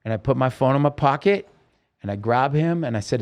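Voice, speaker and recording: In an animated, medium-pitched voice that runs a little fast, a podcast host guesting on an interview tells what happened to him. The retelling is urgent and vivid, with acted-out dialogue and many restarts.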